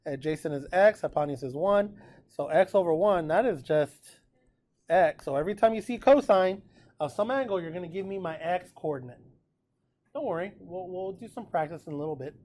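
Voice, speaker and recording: A man teaching a precalculus class in a relaxed, chatty way, often checking in with his students. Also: high-pitched, fairly quick. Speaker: math teacher. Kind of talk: classroom lecture recorded with notes.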